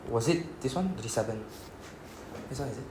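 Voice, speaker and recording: A man's voice: medium pitch, animated, brisk, noisy background. A man with a Singaporean English accent, teaching a Japanese lesson in a classroom and explaining patiently, often checking in with the students. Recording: echoey classroom.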